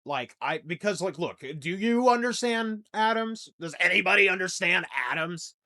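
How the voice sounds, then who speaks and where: A young man hosting a comedy podcast, rambling through a crude monologue that swings between loud outbursts and low mumbling. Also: animated, normal speed. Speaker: podcast host.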